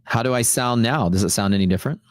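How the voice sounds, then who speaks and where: A man's voice: medium pitch, fast talker, dry recording. A man hosting a casual livestream, rambling and repeating himself for emphasis, on a close studio mic in a sound-dampened room. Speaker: livestream host. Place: sound-dampened home streaming room with fiberglass panels. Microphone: close studio dynamic mic.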